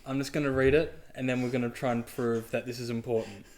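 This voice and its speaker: A man's voice: mid-range voice, steady tone, fast, a little mellow. A man co-hosting a casual podcast chat, hesitant and prone to stumbles and restarts. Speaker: podcast co-host.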